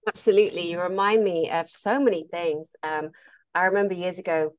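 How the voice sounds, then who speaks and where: A woman therapist telling stories in a casual conversation, animated and laughing often. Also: on the low side, a little fast. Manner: animated, laughs often, acts out quoted voices. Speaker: therapist and meditation teacher.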